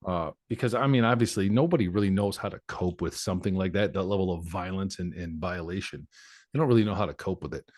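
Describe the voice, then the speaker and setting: Low-voiced man in his forties, candid. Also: fast, a little mellow, no echo, studio quality. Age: 40s. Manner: candid, reflective storyteller. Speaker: podcast guest. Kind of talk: personal life story in conversation.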